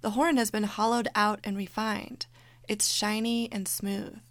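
A woman's voice: mid-range voice, little pitch movement, unhurried, no room sound. A woman co-hosting a podcast, narrating a documentary story in a descriptive, storytelling way. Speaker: podcast co-host.

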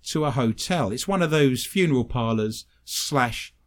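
A man's voice: medium pitch, unhurried. A man with a British English accent, a paranormal investigator telling self-mocking stories on a talk show. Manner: animated, self-mocking anecdotes. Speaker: paranormal investigator and medium, guest. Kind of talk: casual storytelling on a talk show.

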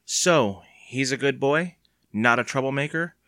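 A man voicing a booming, deep-voiced old aunt. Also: a little slow, a bit bright, no echo, clean studio sound, close to an everyday voice. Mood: teasing. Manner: booming, leering, hearty. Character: loud, teasing old great-aunt, deep-voiced woman.

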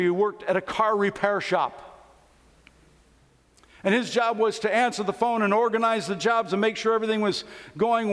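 A man's voice: high voice, fairly bright tone. A man in his fifties preaching a sermon in a church, telling stories in a conversational way. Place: church sanctuary. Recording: long church hall reverb.

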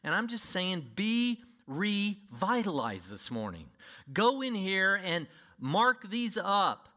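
A man's voice: high-pitched, very animated, takes it slowly. Emphatic man preaching a sermon. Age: older. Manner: emphatic, with sudden swings between loud and quiet. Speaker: pastor.

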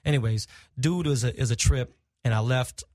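A middle-aged man on a podcast, telling animated, profane stories in casual chat and acting out the people he quotes. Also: medium pitch, normal speed, dry recording, clean studio sound. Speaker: podcast guest. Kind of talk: casual storytelling.

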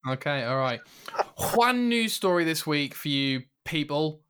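A man's voice: on the high side, expressive, a little slow, fairly bright tone, smooth. Enthusiastic man co-hosting a gaming chat. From Britain. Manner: enthusiastic, jokey. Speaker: podcast co-host. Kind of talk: casual chat.

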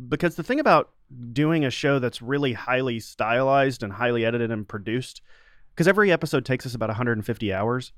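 A man's voice: medium pitch, no room sound, clean studio sound. A middle-aged man talking casually as an interview guest, rambling with many restarts and fillers. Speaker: podcast host and sound designer, interview guest.

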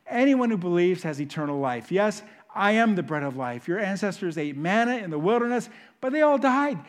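Man, sermon, high voice, animated, loud then hushed. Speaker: pastor. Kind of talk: sermon teaching.

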